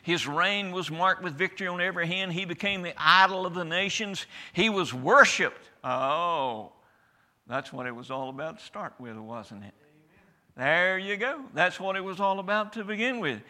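Preacher guy, kinda high bright voice, folksy and punchy, keeps asking amen?. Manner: folksy, emphatic, asks the congregation for amens. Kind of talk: sermon. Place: church.

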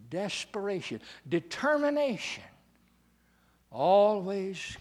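A man's voice: sits high, lively intonation, unhurried. Dramatic preacher man. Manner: dramatic swings from hushed to shouting. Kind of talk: sermon.

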